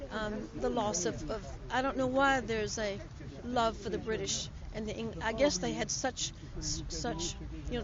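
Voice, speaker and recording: An older American woman, a guest in an outdoor interview, telling stories in a chatty way. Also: on the high side. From United States. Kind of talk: casual on-location interview. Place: outdoors at a public ceremony. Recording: lo-fi outdoor audio with crowd.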